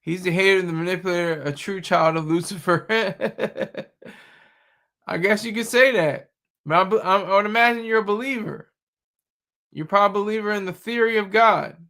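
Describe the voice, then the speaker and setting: Man, streamer, taunting casual commentary, tense bright tone. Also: high voice, moderate pace. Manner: combative, mocking, repetitive. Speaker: streamer reacting to news and chat.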